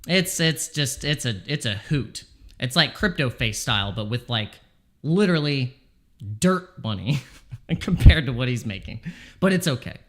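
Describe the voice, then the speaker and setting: A man's voice: mid-range voice, animated, measured pace. Anxious man pleading with the market. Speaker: crypto trading streamer. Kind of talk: live trading stream commentary. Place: home.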